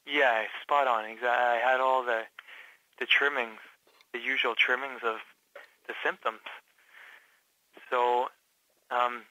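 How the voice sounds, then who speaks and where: Male interview guest from Canada, hesitant and halting, bright flat delivery, dry close recording. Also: mid-range voice, no echo, rough recording. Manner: halting, many fillers and restarts. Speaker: patient guest. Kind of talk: casual interview.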